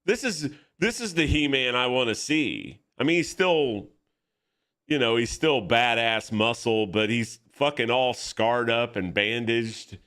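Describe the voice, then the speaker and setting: A man chatting casually while drawing at his art desk, excitable, profane and rambling. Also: medium pitch, measured pace. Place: home art desk with camera setup.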